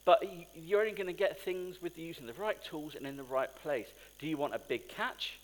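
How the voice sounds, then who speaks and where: A man's voice: a little high, moderate pace. A man preaching a sermon in a conversational, storytelling way, with asides to the congregation. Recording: long hall reverb.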